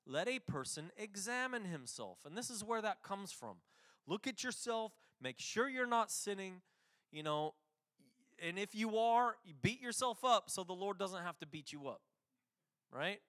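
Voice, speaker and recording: A pastor preaching a casual, conversational sermon, with restarts and quick asides. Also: male voice, high voice, very animated, fairly bright tone.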